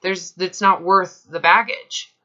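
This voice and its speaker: A woman coaching a client in a blunt, emphatic way, swearing casually as she presses her points. Her voice sits a little low but sounds bright and forceful. The recording is dull and lo-fi. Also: fairly even intonation, takes it slowly. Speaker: health coach. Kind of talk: coaching session.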